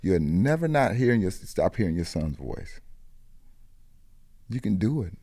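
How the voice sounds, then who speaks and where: A man's voice: sits low, very animated, measured pace, dark tone, dry recording, clean studio sound. A man from the American Midwest, a podcast guest telling personal stories in an earnest, reflective way and often restarting his phrases. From Rock Island, Illinois, US. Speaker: podcast guest, corner store owner. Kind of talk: earnest conversational storytelling.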